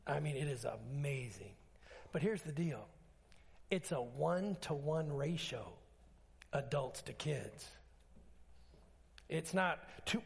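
A man pastor preaching a sermon, telling stories with acted-out dialogue and emphatic swings in pitch. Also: slow, creaky, pauses often. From Alaska.

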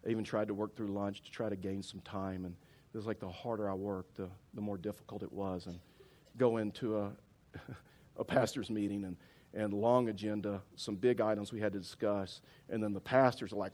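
A middle-aged man, a pastor preaching a sermon as a lively storyteller who acts out his own reactions. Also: on the low side, fairly quick. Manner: animated storyteller, acts out his own outbursts, many restarts.

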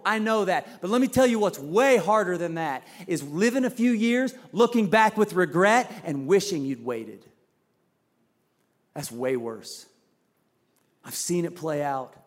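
High-voiced male pastor telling a story. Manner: conversational, acts out quotes with shifts in voice. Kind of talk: sermon with personal story.

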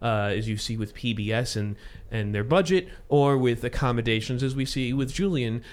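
A man's voice: medium pitch, normal speed. A man hosting a casual podcast chat, rambling with asides and restarts. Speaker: podcast host.

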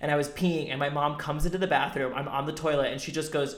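A young man co-hosting a podcast, telling a story in casual chat with lots of fillers, swearing and animated outbursts. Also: a little high, fast, roomy sound. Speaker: podcast co-host.

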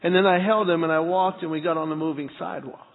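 A middle-aged man preaches in a large church hall, acting out every bit of dialogue in his story. His voice sits a touch high for a man. The sound is thin and phone-like, with a long reverb trailing each phrase. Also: fast, vocal fry. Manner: animated, acts out dialogue in the story. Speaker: pastor. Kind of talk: storytelling sermon.

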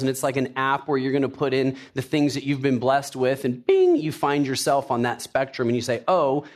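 A middle-aged man preaching a sermon, telling personal stories with jokey asides in an animated way. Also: mid-range voice. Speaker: pastor.

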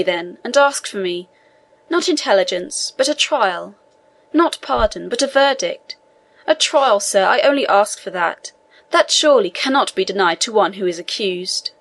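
A woman's voice: medium pitch, a bit bright. A woman voicing a young male sailor held in prison, earnest and imploring in a storybook reading.

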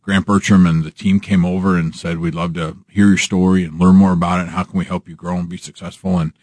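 A male bank executive, a guest in a studio interview, talking in an easygoing way that trails off quietly. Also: deep voice, little pitch movement, fast talker, no echo. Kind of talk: casual interview. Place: radio studio.

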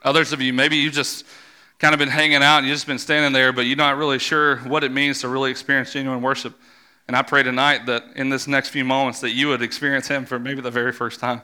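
A man preaching a sermon as pastor, fervent and building to loud exhortation, leading a congregation in a worship hall. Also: mid-range voice, flat delivery, quick pace, smooth.

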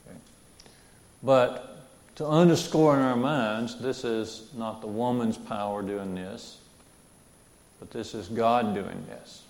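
A man's voice: mid-range voice, slow, pauses often, a little mellow, echoey room. A man giving verse-by-verse Bible teaching in an earnest way, repeating phrases and asking his listeners questions.

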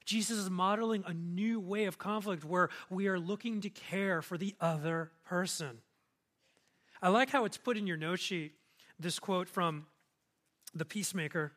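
Man, high-pitched voice, pastor preaching a sermon, earnest, conversational. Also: normal speed, fairly bright tone. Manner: conversational and earnest, rising to emphatic.

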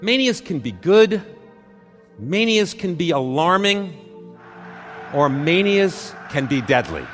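A man delivers a conference talk in a high, lively voice that rises and falls with every phrase. He speaks slowly in short, punchy lines, and the long reverb of a big hall trails each word. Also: faint music behind. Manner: deliberate, dramatic short phrases with pauses. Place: stage in a large hall.

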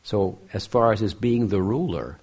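Husky low-voiced man teaching scripture. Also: moderate pace, darkish tone. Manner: reflective, frequent questioning "hmm?" asides. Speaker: spiritual teacher. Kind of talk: scripture lecture.

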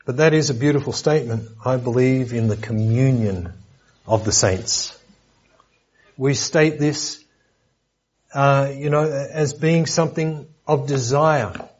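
A man's voice: a little high, darkish tone, husky, muffled recording. A man preaching a sermon lesson in a conversational way, with joking asides and repeated words.

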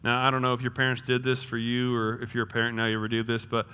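A man preaching a sermon in a casual, joking way, swinging between loud emphasis and hushed tones. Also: mid-range voice, flat delivery, fast talker, clean tone, in a large hall. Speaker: pastor. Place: church.

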